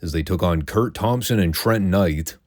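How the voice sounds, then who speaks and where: Guy with a real low voice riffing through a recap, opinionated, dead dry sound. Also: moderate pace, darkish tone, no room sound. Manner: chatty, wry, opinionated storytelling. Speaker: wrestling recap host. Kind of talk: casual solo recap commentary.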